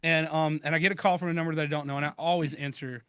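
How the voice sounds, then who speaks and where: A man's voice: on the high side, steady tone, rapid-fire, fairly bright tone, smooth, no echo. A man co-hosting a podcast, telling a story in casual chat and acting out both sides of a phone call. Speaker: podcast co-host.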